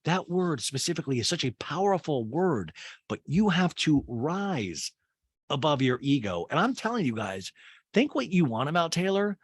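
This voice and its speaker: A man hosting a casual, comedic recap, animated and swearing, often quoting people in put-on voices. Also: a little high, normal speed, breathy edge, no echo, clean studio sound. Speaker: podcast host recapping a reality show.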